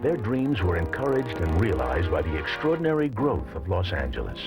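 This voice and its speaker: A man reading scripted documentary narration in a measured, even way. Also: low-pitched, poor audio. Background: music.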